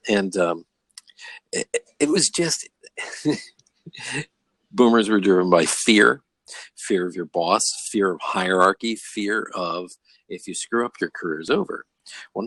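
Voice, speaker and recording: An older man talks through stories in a casual video-call chat, his low voice gravelly and a little husky. He often slips into the voices of the people he quotes. The sound is close and dry, with no room around it. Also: no echo. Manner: animated storyteller who acts out quoted voices. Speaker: host. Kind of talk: casual storytelling discussion.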